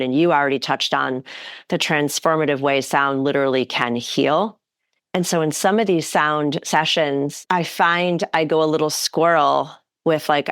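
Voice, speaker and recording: Low-voiced woman podcast host, giggly. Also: smooth, no echo, studio quality. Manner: giggly, animated storyteller. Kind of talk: casual interview chat.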